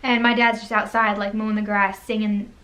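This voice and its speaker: A woman's voice: medium pitch, little pitch movement, brisk, noisy background. A young woman co-hosting a casual chat, telling a story in a chatty way with lots of "like". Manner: chatty, says "like" a lot, quotes people. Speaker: co-host.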